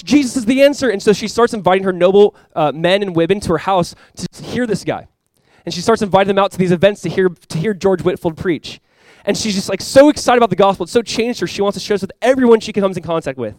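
A young man preaching a sermon to his church in a casual, conversational way, with sudden loud bursts and quiet asides. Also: high voice, dry recording. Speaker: pastor.

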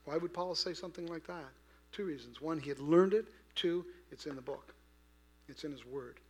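A man preaching a sermon in a conversational way, asking his listeners questions and swinging from quiet to loud. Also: a little high, moderate pace, husky. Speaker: pastor.

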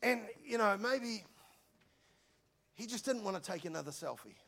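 A New man preaches with a lot of energy, telling the story in a loose, joking way and calling out to the room. His voice sits high for a man and has a gravelly, creaky edge. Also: moderate pace. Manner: energetic, conversational, jokey storytelling. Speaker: pastor. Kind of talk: sermon.

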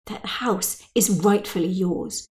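A woman voicing a scheming, coolly practical woman friend in a brisk, knowing voice. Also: mid-range voice, a little mellow, roomy sound, lightly acted. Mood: coaxing.

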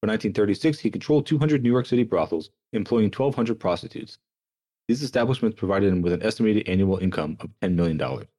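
Fast-talking husky young man reading notes. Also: lowish voice, lively intonation, mellow. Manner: quick, sardonic, swears in asides. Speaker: podcast host. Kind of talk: reading history notes aloud with casual asides.

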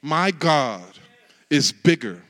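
A man preaching a sermon as pastor, shifting from quiet, casual asides to loud, rising shouts. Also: on the high side, sing-song, slow pace, a little hiss or hum.

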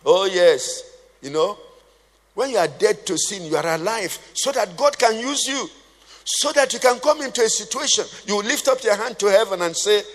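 A man's voice: high voice, lively intonation, moderate pace, fairly bright tone. A man preaching a sermon, conversational and humorous, quizzing his congregation with questions. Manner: humorous asides. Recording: long hall reverb.

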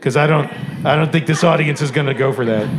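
A man's voice: on the high side, fast talker, background noise, close to an everyday voice. A man playing a flustered professor behind the wheel. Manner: self-deprecating, anxious, talks to his device. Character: flustered male professor driving. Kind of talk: comic stage dialogue.

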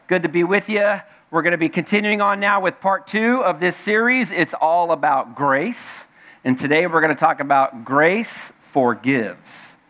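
A man's voice: on the high side, measured pace, pushed and bright. A man preaching a sermon as a church elder, folksy and joking, repeating himself and restarting phrases, in a church service with a congregation.

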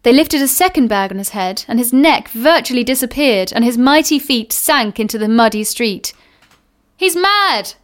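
A woman reads a novel aloud, measured and unhurried. Her voice sits a little high and sounds smooth and clear. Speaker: reader. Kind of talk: audiobook reading of a novel.

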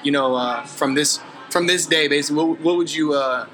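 Man, podcast host, bright voice, laid-back questions, faint hiss behind. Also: fairly high pitch, brisk, rough recording. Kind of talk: casual interview hosting.

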